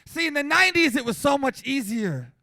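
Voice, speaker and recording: A man in his forties doing a profane stand-up routine at a small comedy venue, brash and loud, often breaking into shouts. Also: extremely high pitch, big pitch swings, brisk, creaky, dry recording.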